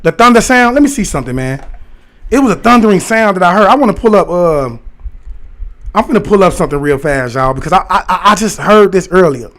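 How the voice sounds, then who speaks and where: A man chatting casually on a livestream, rambling excitedly and talking directly to his viewers and their comments. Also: high voice, a little fast. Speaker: live streamer talking to chat.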